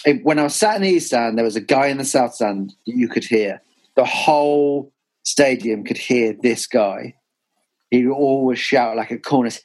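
On a casual football podcast, a male host with a medium-pitched voice and moderate pace reads out listener questions and shares fan anecdotes, shouting impressions as he tells them. The audio quality is poor.

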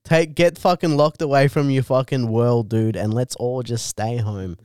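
A man's voice: mid-range voice, steady tone, normal speed, a little mellow, clear, resonant tone, no room sound, clean studio sound. A young man co-hosting a podcast, rowdy and fired-up, swearing constantly in casual banter. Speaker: podcast co-host.

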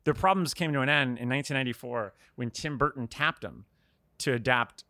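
A man's voice: medium pitch, fairly quick, bright, forceful tone, no room sound, studio quality. A man co-hosting a podcast in casual chat, rambling through a story with laughs and casual swearing. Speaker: podcast co-host.

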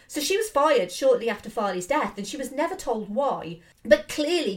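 A woman commenting on films in a casual, enthusiastic and opinionated way. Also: on the high side. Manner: enthusiastic, opinionated, fillers and restarts. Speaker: film commentator. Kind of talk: casual video essay.

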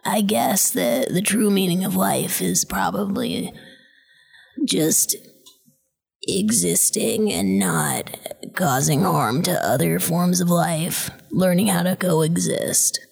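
Woman on a tabletop podcast, heavy vocal fry, very husky, slow and wry. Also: on the low side, darkish tone. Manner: musing, wry. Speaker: player. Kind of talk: casual podcast banter.

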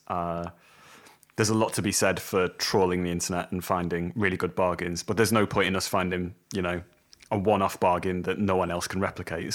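Deep-voiced easygoing podcast man. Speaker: podcast co-host. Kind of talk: casual chat.

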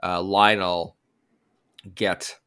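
Wry man with a low, bright voice. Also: little pitch movement, extremely slow, smooth. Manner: wry, steers the conversation. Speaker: podcast co-host. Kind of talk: casual podcast chat.

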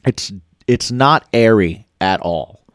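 A man's voice: lowish voice, lively intonation, takes it slowly, no echo, studio quality. Laughing man chatting while tasting bread. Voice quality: laughs often and restarts sentences. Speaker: co-host tasting food. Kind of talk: casual chat.

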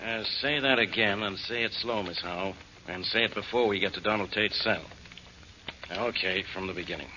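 A man's voice: lowish voice, moderate pace, heavy background noise, lightly acted. An actor playing a blunt, skeptical male police inspector in a 1940s radio drama. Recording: dull old radio recording.

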